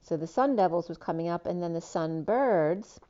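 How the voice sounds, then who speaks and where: Female tarot reader, lower register, meandering associative delivery, muffled lo-fi audio. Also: lively intonation, moderate pace, mellow. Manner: meandering, associative, with frequent ums and trailing asides. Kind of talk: spiritual tarot reading monologue.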